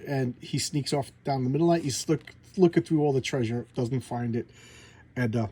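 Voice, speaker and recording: Guy rambling thru comic plots, husky kinda mellow voice, tosses in little quoted bits. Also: mid-range voice, moderate pace. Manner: rambling retelling, acts out quoted lines loosely. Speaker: comic book reviewer. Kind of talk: casual comic recap.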